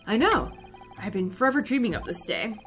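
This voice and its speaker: A woman's voice: mid-range voice, big pitch swings, brisk, a bit bright. Woman putting on a confident young lawyer man. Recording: faint game music behind.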